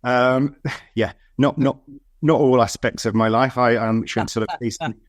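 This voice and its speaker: A man from the West Country chats as a guest over a video call, with a dry, close sound. He hesitates often, filling gaps with ums, and has a wry way of putting things. His pitch sits in the middle. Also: fairly even intonation, unhurried, no room sound. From West Country of England. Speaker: guest, head of local plans. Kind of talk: casual video-call chat.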